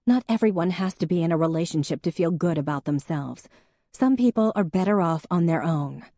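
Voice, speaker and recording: A woman's voice: lowish voice, animated, a little fast, dry recording, studio quality. Woman playing a hurt young woman arguing. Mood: upset. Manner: sharp, raised, emotional.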